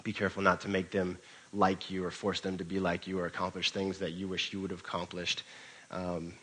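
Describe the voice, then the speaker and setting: A man's voice: sits low, monotone, fairly quick, bright, forceful tone, rough recording. A man preaching a sermon as pastor, telling a story in a conversational way with occasional restarts.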